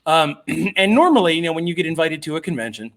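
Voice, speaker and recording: A man in casual conversation, telling anecdotes with plenty of fillers and little acted-out quotes. His voice sits a bit higher than most men's. He pokes fun at himself as he goes. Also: very animated, fast talker, fairly bright tone. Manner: self-deprecating, acts out quoted voices, many fillers. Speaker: guest comic artist. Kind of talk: casual storytelling chat.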